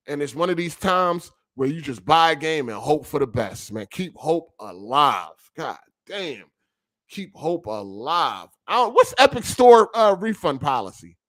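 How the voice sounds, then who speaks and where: A man hosting a gaming podcast stream, talking casually with heavy swearing and slang, venting his frustration. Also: fairly high pitch. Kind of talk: casual profane rant. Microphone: streaming setup over a weak connection.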